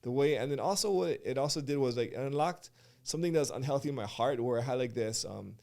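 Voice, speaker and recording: A man's voice: medium pitch, fast talker, vocal fry, darkish tone. Reflective man, guest on a podcast. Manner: reflective, lots of "like" fillers. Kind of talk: casual podcast conversation.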